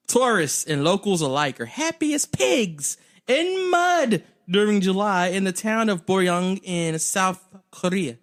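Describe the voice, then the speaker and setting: Young man, comedy podcast co-host, giggly, lively swooping pitch, slightly higher voice. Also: slow pace. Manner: giggly, animated, reads with frequent laughs. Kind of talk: casual comedic chat.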